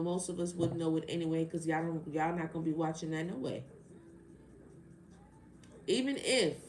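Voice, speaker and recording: A woman's voice: fairly low pitch, darkish tone. A woman who hosts a tarot live stream, ranting in a heated, exasperated and sarcastic way, firing off rhetorical questions at her viewers. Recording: roomy live-stream audio with faint background noise.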